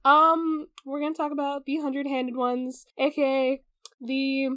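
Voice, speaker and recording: A woman co-hosts a casual podcast, her high voice rambling through loose chat and tripping over tricky names. The sound is dry and close, with no room around it. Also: little pitch movement, unhurried, a bit bright, no room sound. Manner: rambling, stumbles over pronunciations. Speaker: podcast co-host.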